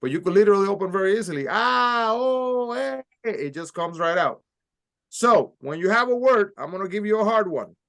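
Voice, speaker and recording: In a recorded language lesson, a Spanish teacher with a high, expressive, fairly bright voice speaks quickly. He patiently walks learners through pronunciation step by step, modeling sounds for them to repeat.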